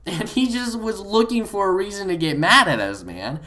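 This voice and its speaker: A young man telling a gaming story in a casual, excited, rambling way, full of fillers. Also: fairly high pitch, moderate pace. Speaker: gaming vlogger.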